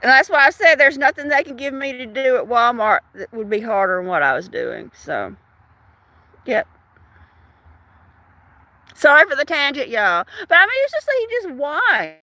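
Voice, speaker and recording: A woman's voice: high-pitched, big pitch swings, normal speed, long pauses, bright, forceful tone, dry recording. A woman host on a livestream, ranting in an indignant, emphatic, casual way. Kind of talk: casual ranting live chat.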